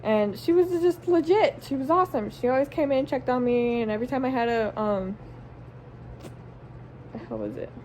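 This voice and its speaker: A young mother vlogs straight to camera in a slightly high voice. She is blunt and unfiltered, and she swears in nearly every sentence. Her long, run-on sentences are packed with "like" and "um". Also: moderate pace, darkish tone, slight background noise. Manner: blunt, swears constantly, emotional and candid; run-on sentences with many likes and ums. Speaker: stay-at-home mom and vlogger. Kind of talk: casual storytelling to camera.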